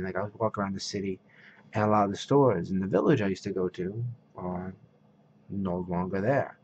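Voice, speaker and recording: A man's voice: sits low, a little fast, a little mellow, dull audio, a little hiss or hum. A man vlogging a casual rant to camera, retelling conversations with quoted voices.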